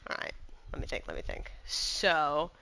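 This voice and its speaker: A woman's voice: sits low, normal speed, pushed and bright, clear, resonant tone, low-quality recording. A young woman playing a tabletop game with friends, chatting in a giggly, teasing way. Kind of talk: casual game chat.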